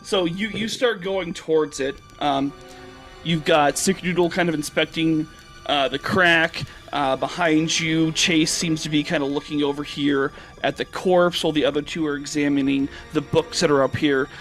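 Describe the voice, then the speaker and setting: A fairly high-voiced American man narrates a tabletop game as its dungeon master, casual and a little hesitant, with fillers between his lines. Faint music sits behind him. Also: fairly even intonation, moderate pace, a bit bright.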